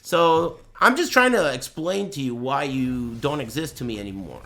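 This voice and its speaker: A man's voice: medium pitch, animated, moderate pace, bright, forceful tone. A man streaming, ranting and joking at length to his chat in a casual, profane, mocking way while watching a tournament. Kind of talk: casual livestream rant.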